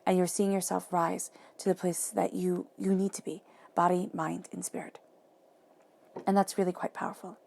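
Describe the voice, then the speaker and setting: A woman giving a monthly tarot reading, talking softly and reflectively and repeating phrases for emphasis. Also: fairly low pitch, flat delivery, moderate pace, creaky. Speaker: tarot reader.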